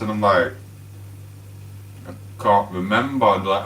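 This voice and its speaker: A man's voice: fairly low pitch, fairly even intonation, normal speed, fairly bright tone. An English man rambling casually on a live stream while he cooks in his home kitchen. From England. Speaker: livestreamer. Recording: echoey room, mic at a distance, faint hum.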